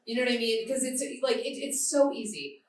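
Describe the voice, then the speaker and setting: A woman's voice: fairly high pitch, lively intonation, fast, far from the mic. A woman from the Boston area doing candid, self-mocking stand-up comedy on a club stage, laughing often. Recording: roomy live club, heard from afar.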